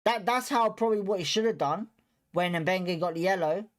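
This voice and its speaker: A young man rants after a match as the host of a fan watchalong stream. He swears constantly and circles back on the same points in blunt, frustrated bursts. He keeps telling himself to stay calm and then flares up again. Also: high-pitched, moderate pace. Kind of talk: heated post-match fan rant.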